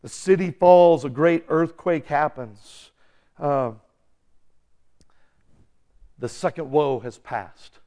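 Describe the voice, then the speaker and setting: A man preaching an animated sermon, acting out quick voices and shifting between loud bursts and quiet asides. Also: a little high. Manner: excitable, acts out voices, shouts and laughs. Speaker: pastor.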